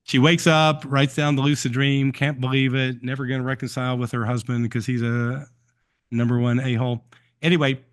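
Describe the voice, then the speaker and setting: A man hosting a live stream who answers viewer questions and tells stories in a relaxed way, with frequent ums and uhs. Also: medium pitch.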